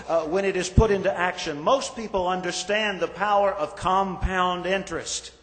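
A male pastor delivers a sermon in a measured, deliberate cadence, drawing out lists of words and letting his lines fall away. His voice sits a touch high for a man. Long reverb from the sanctuary trails each phrase. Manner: measured preaching with slow emphatic lists and falling endings. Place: church sanctuary.

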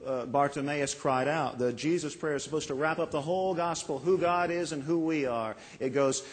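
A man preaching in a church sanctuary, his slightly husky, fairly high voice carrying a long reverb around him. He speaks earnestly, slowing down and pausing for effect, and gives the people he quotes their own voices. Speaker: pastor. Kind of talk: sermon.

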